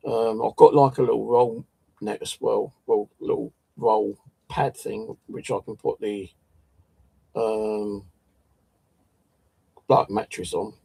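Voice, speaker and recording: A man's voice: lowish voice, little pitch movement, takes it slowly, creaky, long pauses, dark tone, slightly rough, no echo. A man telling a story in a casual, rambling way, swearing often and tripping over his words. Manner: swears a lot, restarts and stumbles. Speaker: channel host.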